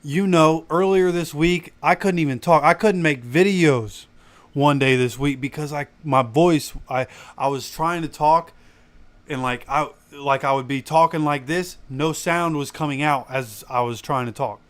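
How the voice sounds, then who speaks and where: A man's voice: a little high, unhurried, no echo. A man hosting a fan livestream, ranting animatedly and preaching straight at his viewers, his voice still recovering after he lost it. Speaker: fan channel host. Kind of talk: casual livestream rant.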